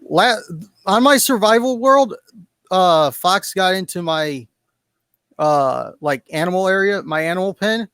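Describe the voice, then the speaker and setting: Higher voiced guy chatting bout his game, kinda self-deprecating, dry mic. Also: expressive, a little slow, a bit bright, smooth, no echo. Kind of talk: casual chat.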